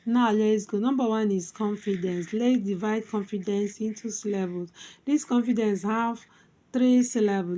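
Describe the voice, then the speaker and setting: A woman teaching phonics, spelling words out letter by letter in a slow, deliberate way, with non-native English grammar. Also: mid-range voice, mellow. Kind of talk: spelling tutorial.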